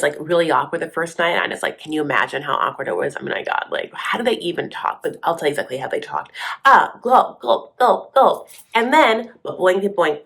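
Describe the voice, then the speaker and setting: Sassy, gossipy woman with a low voice. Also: a bit bright. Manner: sassy, gossipy, calls the viewer honey; breaks into quick voices for the people she quotes. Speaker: host. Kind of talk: casual TV recap commentary.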